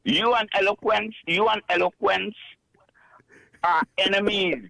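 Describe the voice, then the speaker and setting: Brief: male caller, gravelly and dry-sounding, needling and deliberate. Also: sits high, fairly even intonation, sharp tone, no room sound, low-quality recording. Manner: teasing, pointed questions, slow and deliberate. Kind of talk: call-in radio banter.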